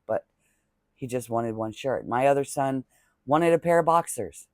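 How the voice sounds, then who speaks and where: A crochet vlogger chats casually to camera in a mid-range voice at normal speed, recorded in studio quality with no room sound. He rambles warmly and sincerely, thanking his viewers with religious blessings.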